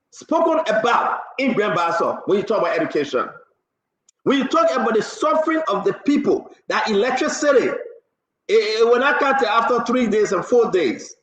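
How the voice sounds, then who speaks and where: With a very high voice and a Liberian English accent, a man hosts a live radio talk show, animated and joking, laughing often as he pleads with listeners. The recording sounds dull and lo-fi, captured in an echoey room.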